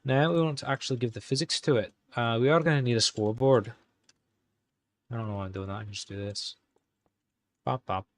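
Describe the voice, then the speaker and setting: A man hosting a live stream, talking casually and halting as he types commands. He mutters to himself and corrects himself, all in an exaggerated put-on Irish accent. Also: medium pitch. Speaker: live-stream host coding game commands. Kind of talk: casual live-stream commentary while typing.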